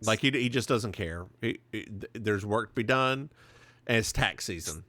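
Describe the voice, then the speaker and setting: A man's voice: fairly low pitch, expressive, normal speed, bright, forceful tone, no echo. A man co-hosting a podcast, casually recapping a TV episode with chatty, playful asides. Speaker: podcast co-host.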